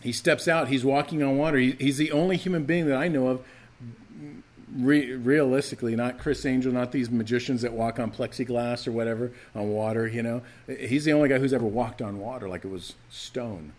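Man, pastor, preaching, animated, emphatic, acts out quotes. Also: medium pitch, fairly quick. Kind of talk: sermon.

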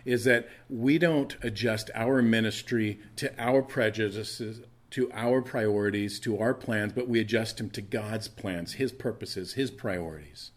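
A man's voice: lowish voice, measured pace, hardly any pauses. A middle-aged male pastor preaching a sermon in a conversational way, often restarting his phrases.

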